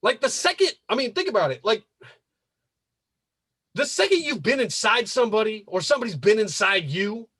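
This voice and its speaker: A male podcast host rants on a casual show in a high, somewhat bright voice with a breathy edge and big pitch swings, at a moderate pace. He drives his points home emphatically through repetition and profanity, and the recording is dry with no echo or room sound.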